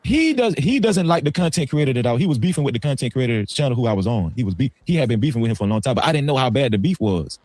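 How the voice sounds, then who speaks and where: A man hosting a livestream, telling a story in casual, slangy talk that swings between low asides and loud outbursts. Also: lively intonation, racing, few pauses, no room sound. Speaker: livestream host.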